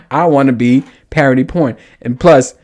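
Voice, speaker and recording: A man's voice: mid-range voice, unhurried, darkish tone. A young man hosting a podcast in a casual monologue, crude and joking, laughing often. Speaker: podcast host.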